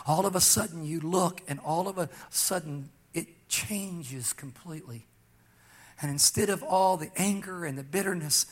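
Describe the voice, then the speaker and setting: A pastor preaching, telling a personal story and pressing key lines with slow, emphatic rises. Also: male voice, fairly high pitch. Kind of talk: sermon testimony.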